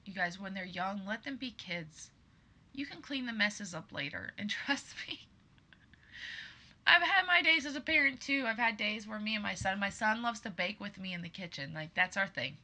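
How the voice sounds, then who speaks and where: A woman with a bright, forceful tone gives an earnest monologue to her listeners. She speaks with emphasis and keeps calling them "you guys." She sounds like a podcast host in her thirties. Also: mid-range voice, lively intonation, normal speed.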